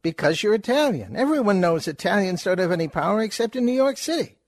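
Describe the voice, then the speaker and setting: A man's voice: high voice, big pitch swings, dry recording, studio quality, voice pushed up. A man doing a sly sardonic con man. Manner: sardonic, quick wisecracks. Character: sly fast-talking male con man. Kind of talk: comic reading with voices.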